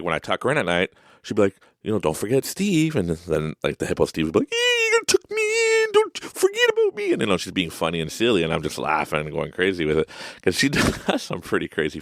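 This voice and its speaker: A man's voice: low voice, vocal fry, no echo, studio quality. A man hosting a podcast in a casual monologue from an office, rambling and chatty and laughing often between remarks. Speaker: podcast host.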